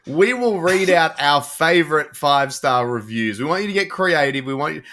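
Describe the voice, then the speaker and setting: Higher-voiced man hosting a podcast. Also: expressive, normal speed, pushed and bright. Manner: rambling, filler-heavy sign-off. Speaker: podcast co-host. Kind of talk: casual chat.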